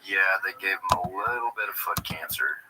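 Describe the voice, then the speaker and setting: A man in casual podcast banter, joking along in a deadpan way. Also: sits low, normal speed. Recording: noisy livestream audio.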